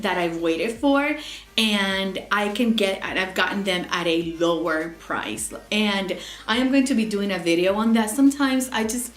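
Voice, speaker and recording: A woman reviewing her favorite makeup in a casual vlog, gushing and often repeating words and restarting her phrases as she films herself at home. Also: mid-range voice. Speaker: beauty vlogger. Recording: echoey room, faint background music.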